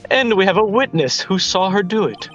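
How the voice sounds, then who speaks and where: A man voicing a cool, arrogant male prosecutor in a fan dub of a game, speaking in measured, confident pronouncements. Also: high voice, animated, a bit bright, soft background music. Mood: smug. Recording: dull lo-fi sound.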